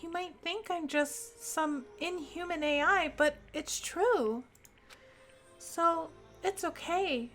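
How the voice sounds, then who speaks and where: A woman reading aloud as a timid, gentle AI girl who is trying to be brave, soft and earnest. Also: extremely high pitch, slow, faint music behind, voice pushed up, full character voice.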